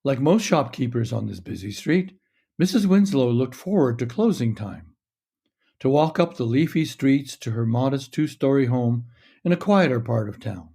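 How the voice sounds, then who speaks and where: A man reading his own short story aloud in a measured, steady narration. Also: mid-range voice, creaky, slightly rough.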